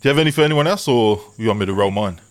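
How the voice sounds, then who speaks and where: A man's voice: mid-range voice, expressive, very fast, clear, resonant tone, no echo, clean studio sound. Laid-back man, laughing often. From Tonga. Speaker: podcast co-host. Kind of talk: casual banter.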